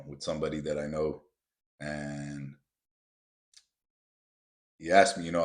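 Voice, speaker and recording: A man hosting a motivational podcast, talking bluntly and emphatically straight to his listeners and swearing freely. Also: extremely low pitch. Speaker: podcast host.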